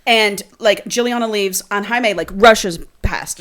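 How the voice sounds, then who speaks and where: A young woman co-hosting a podcast, telling a book's plot in an animated, profane, casual way. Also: medium pitch, measured pace. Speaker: podcast co-host. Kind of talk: casual chat recapping a book.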